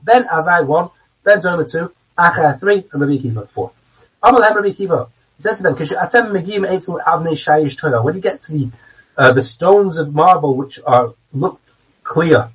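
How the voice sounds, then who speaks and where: High-voiced man teaching, distant and muffled. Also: fairly bright tone, breathy edge. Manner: reads a phrase, then translates it with frequent restarts. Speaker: Talmud teacher. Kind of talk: reading and translating a text line by line. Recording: distant, dull, muffled recording.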